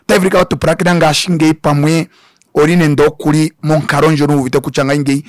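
A man's voice: fairly high pitch, dry recording. A man speaking as a guest pastor in a radio studio, preaching fervently to the listeners. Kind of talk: radio ministry broadcast.

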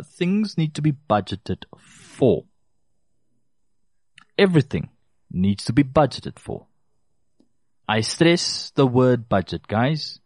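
A man's voice: mid-range voice, darkish tone, dry recording, studio quality. A man giving consumer advice, talking directly to listeners and repeating key phrases for emphasis. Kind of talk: casual advice talk to listeners.

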